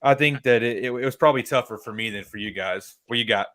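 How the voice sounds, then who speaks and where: A man co-hosting a casual movie-debate livestream, relaxed and thinking aloud, with casual swearing and fillers. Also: medium pitch, quick pace, no room sound, clean studio sound. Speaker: podcast co-host.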